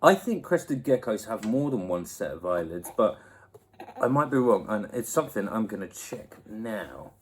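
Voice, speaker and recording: A man's voice: lowish voice, animated, normal speed, slightly rough. A young man, host of his own channel, answering viewer questions in a playful, laugh-filled chat at home into a laptop mic. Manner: playful, laughs often, chats to a baby.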